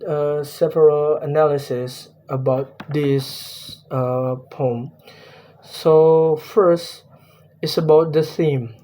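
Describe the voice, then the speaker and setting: Slow, hesitant young man presenting. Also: mid-range voice, dark tone. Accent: Indonesian. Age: young adult. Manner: hesitant, many fillers and restarts. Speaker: student presenting a poem analysis. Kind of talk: spoken class presentation.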